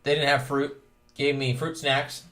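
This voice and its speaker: A man's voice: mid-range voice, little pitch movement, measured pace, a bit bright. A man co-hosting a casual podcast with friends, telling a rambling, profane story and laughing often. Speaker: podcast co-host.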